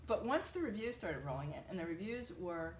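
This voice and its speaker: A woman being interviewed, telling an animated story with lots of fillers. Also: lowish voice, a little fast, echoey room, a little hiss or hum. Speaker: translator, interviewee. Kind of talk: conversational interview.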